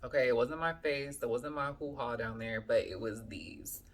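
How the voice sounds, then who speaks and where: A woman's voice: very deep voice, normal speed, a little hiss or hum. A woman telling a story to her viewers in a casual vlog, chatty and full of fillers, often calling them y'all. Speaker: vlogger.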